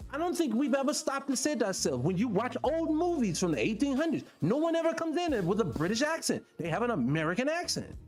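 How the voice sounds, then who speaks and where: A fairly high-voiced man rambles to his audience in a loose, animated monologue, his pitch swinging all over as he keeps asking whether they get it. Faint music plays somewhere behind him. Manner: talks directly to the audience as y'all. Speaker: vlog host. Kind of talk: casual monologue to viewers.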